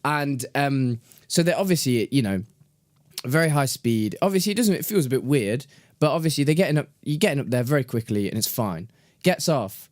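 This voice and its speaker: A man's voice: medium pitch, lively intonation, a little fast, dry recording, studio quality. A young man, co-hosting a casual podcast and telling rambling stories with frequent laughs. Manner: chatty, laughs often, rambling. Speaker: podcast co-host. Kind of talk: casual chat, storytelling.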